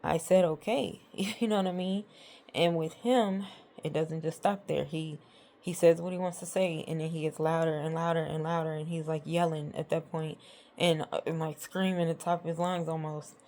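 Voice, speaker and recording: A woman's voice: low voice, fairly even intonation, normal speed, mellow. A woman vlogger telling a storytime about arguments with her partner, rambling and exasperated as she retells what was said. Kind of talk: casual storytime monologue.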